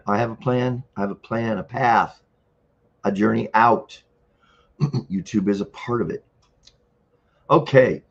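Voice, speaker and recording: Gravelly older man on a livestream. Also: fairly low pitch, muffled recording. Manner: rambling, chuckling, frequent throat clearing. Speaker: livestream host. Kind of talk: casual live-stream chat.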